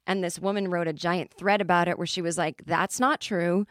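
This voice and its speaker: A woman's voice: fairly low pitch, fairly even intonation, no echo, clean studio sound. A woman in her forties hosting a comedy podcast, telling rambling stories. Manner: rambling, self-interrupting storyteller with quick asides. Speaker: podcast host. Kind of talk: casual comedic monologue.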